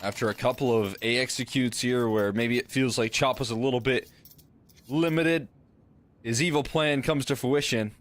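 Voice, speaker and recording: A man giving relaxed, explanatory colour commentary on an esports match. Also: mid-range voice, normal speed.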